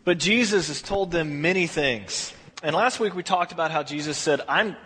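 A male pastor talks through a sermon casually and with animation, slipping into the voices of the biblical characters. His voice is high and husky, and it rings with the long reverb of a church hall. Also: normal speed, a bit bright. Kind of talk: conversational sermon.

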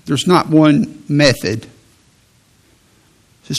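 Male preacher, slightly high gravelly voice, emphatic sermon delivery. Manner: slow emphatic preaching, quoting scripture.

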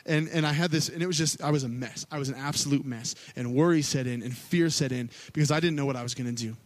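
A man's voice: fast talker, no echo. Candid storytelling man preaching. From Missouri. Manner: candid storytelling, rising to loud pleading then dropping low. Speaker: worship pastor. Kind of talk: sermon.

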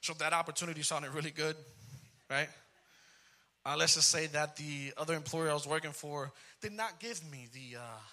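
A man in his thirties preaching a comic personal story, animated and dropping in Spanish phrases. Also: a little high. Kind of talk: storytelling sermon.

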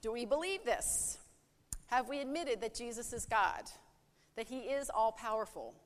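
A woman preaches with earnest conviction, her voice sitting a little high. She often poses rhetorical questions and voices pleading prayers aloud. The recording carries a long reverb, as if from a large hall. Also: lively intonation, unhurried. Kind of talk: sermon.

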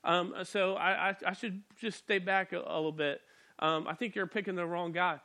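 A man's voice: sits high, fairly even intonation, normal speed, bright, forceful tone. A man voicing a timid, self-doubting little man who stammers and pleads that he is the wrong one for the job. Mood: timid pleading. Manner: hesitant, pleading, stuttering.

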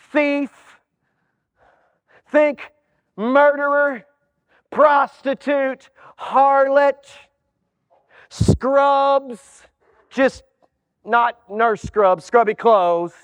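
A male pastor delivers a sermon in a strikingly high voice, taking his time and dropping wry jokes into his storytelling. The sound is dull and muffled, and a long hall reverb hangs after his words. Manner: humorous, storytelling, wry asides.

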